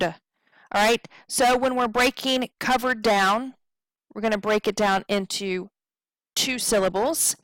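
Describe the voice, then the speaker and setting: Slow, patient woman teacher. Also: medium pitch, fairly bright tone, dry recording, poor audio. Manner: slow, patient explanations with frequent "okay?" checks; draws out words to demonstrate stress. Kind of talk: recorded tutorial on poetry meter.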